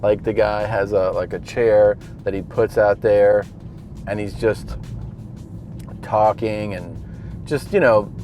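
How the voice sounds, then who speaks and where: A man's voice: lowish voice, fairly even intonation, slow, long pauses, a little mellow, faint music behind. A man, a touring comedian, casually telling profane, rambling stories from inside a car. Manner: laid-back, profane, rambling storyteller. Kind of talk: casual storytelling vlog.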